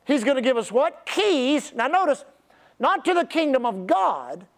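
A man's voice: extremely high pitch, very animated. A middle-aged man preaching a sermon as pastor, stretching key words and calling on the congregation to repeat after him. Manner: preacherly, drawn-out emphasis, audience call-and-response.

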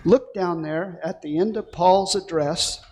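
A male pastor preaching an excited, animated sermon, with playful asides to the congregation. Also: high voice, unhurried.

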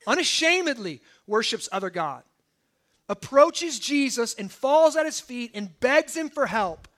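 Male pastor, sermon delivery, very high pitched and bright, chatty with constant tag questions. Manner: conversational, peppers points with "right?" and "okay?".

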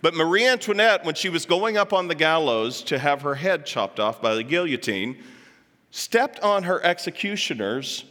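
A man's voice: on the high side, sing-song, normal speed, fairly bright tone. A man giving a chatty, joking talk to a live audience, dropping asides and putting on voices for quotes. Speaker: speaker addressing an audience. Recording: long hall reverb.

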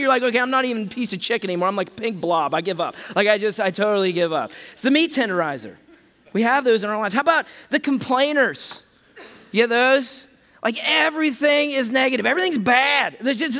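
A pastor with a very high voice delivers a sermon in a chatty, joking way, dropping playful asides to the room. His voice rings out in a large hall with a long reverb. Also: fairly bright tone. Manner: humorous, conversational preaching with playful asides.

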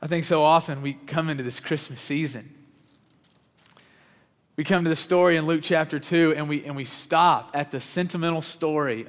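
A man preaching a sermon, telling a story in an earnest voice that often drops to a hush. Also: a little high, normal speed. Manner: earnest, often dropping to a hushed voice. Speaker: pastor. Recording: long reverb of a large hall.

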